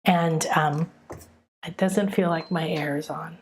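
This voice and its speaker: A woman's voice: low-pitched, steady tone, slow, slight background noise. A middle-aged woman, a spiritual teacher, giving an earnest, emotive teaching monologue that mixes lessons with personal stories. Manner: earnest, emotive, checks in with listeners.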